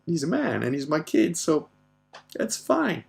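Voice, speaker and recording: A man's voice: fairly high pitch, huge pitch swings, measured pace, gravelly, darkish tone, faint music behind. A man hosting a casual question-and-answer show, telling crude, profane stories and laughing often. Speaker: podcast host. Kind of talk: casual Q&A monologue.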